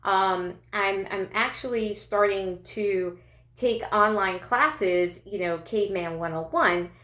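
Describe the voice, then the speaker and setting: A woman comic talks through a loose stand-up set in a chatty, self-mocking way. She stumbles and restarts often, and her voice sits at an everyday middle pitch. It bounces around an echoey room. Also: slow, fairly bright tone. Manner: chatty, self-deprecating, many fillers and restarts. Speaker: stand-up comedian. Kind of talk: stand-up comedy monologue.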